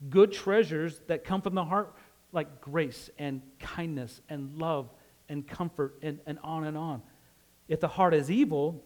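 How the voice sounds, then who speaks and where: Male preacher from Utah, light Western drawl, higher-pitched, relaxed conversational sermon delivery. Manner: conversational, asks "right?" often, laughs easily.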